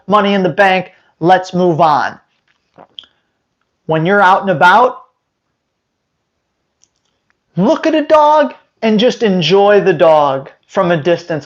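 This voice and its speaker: A man's voice: high-pitched, a little slow. A man giving blunt, emphatic dog-training advice straight to the viewer. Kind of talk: instructional talk to camera. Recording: slightly dull lo-fi sound.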